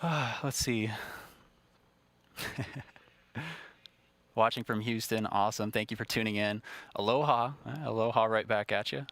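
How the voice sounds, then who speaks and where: A man's voice: fairly low pitch, slow, long pauses, a bit bright, no room sound. A man hosting a live broadcast, ad-libbing in a chatty, self-deprecating way with frequent restarts. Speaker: livestream host.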